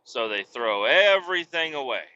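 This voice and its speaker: On a muffled recording, a man speaks in a mid-range voice with big pitch swings, a sharp tone, and normal pace. He's a podcast host and father of young kids, hiccuping through a loose, profane monologue full of false starts.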